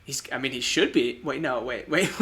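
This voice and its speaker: A man's voice: medium pitch, expressive, unhurried, fairly bright tone. A man co-hosting a podcast, chatting casually about movies, rambling, trailing off and laughing often. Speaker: podcast co-host.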